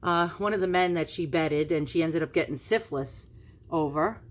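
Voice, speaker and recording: Woman with a New York accent, slightly low voice, loose rambling vlog commentary full of asides. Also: normal speed. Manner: chatty, rambling, many fillers and asides. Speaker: antiques vlogger. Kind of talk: casual screen-share commentary.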